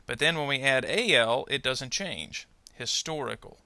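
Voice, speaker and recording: A man teaching English pronunciation, speaking slowly and deliberately and saying each example word twice. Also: medium pitch, expressive, pushed and bright, no echo. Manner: slow, deliberate, models example words twice. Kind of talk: instructional narration.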